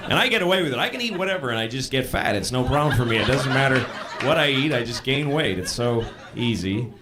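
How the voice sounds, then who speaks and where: A man's voice: medium pitch, lively intonation, fast talker. A man doing a stand-up comedy set, profane and self-deprecating, acting out little voices as he goes. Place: live comedy stage. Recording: live show with loud crowd laughter. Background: audience laughter.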